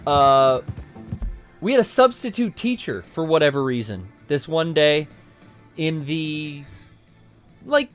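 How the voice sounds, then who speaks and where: A man's voice: on the high side, expressive, slow, pauses often, faint music behind. A man in his thirties co-hosting a game stream, telling a casual, profane, rambling story. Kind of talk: casual storytelling over gameplay.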